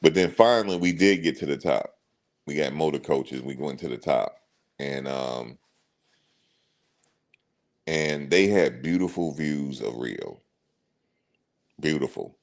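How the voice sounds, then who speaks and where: A man's voice: very deep voice, expressive, measured pace, vocal fry, long pauses. A man hosting a casual commentary stream, telling stories and talking straight to his viewers, repeating his words as he goes. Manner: chatty storyteller, addresses viewers directly, repeats himself. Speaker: commentary channel host.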